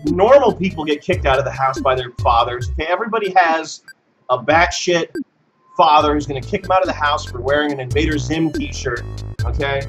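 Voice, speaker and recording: A man's voice: fairly high pitch, fairly quick, a bit bright, faint music behind. A man delivering a mocking comedic rant in a sarcastic, sing-song manner, often tagging lines with "okay?". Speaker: comedic host.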